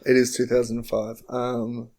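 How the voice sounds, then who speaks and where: A man, co-hosting a comedy podcast and narrating an improvised story with wry, deadpan humor. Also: mid-range voice, normal speed. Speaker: podcast co-host.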